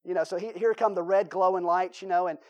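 A man's voice: high-pitched, fairly even intonation, quick pace, lo-fi sound. A man with a Southern US accent preaching a sermon, telling folksy stories and acting out the voices in them. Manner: folksy storytelling, acts out voices in his stories. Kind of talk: sermon with anecdotes.

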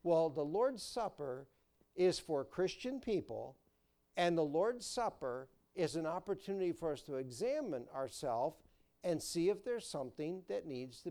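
A man's voice: fairly high pitch, a little mellow. A man preaching a sermon as pastor, folksy and storytelling. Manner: folksy, storytelling, repeats words.

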